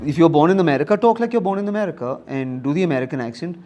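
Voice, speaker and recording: A man with an Indian English accent talks as a guest in a relaxed interview. He is animated and emphatic and slips into Hindi phrases. His voice sits a little above the usual male pitch. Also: racing, music in the background. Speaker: guest comedian. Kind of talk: casual conversation.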